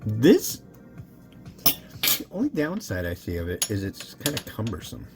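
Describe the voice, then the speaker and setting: Here the noodle-reviewing man speaks a little slowly, his low voice swinging hugely in pitch, with music in the background. He rambles casually to viewers while he cooks and tastes.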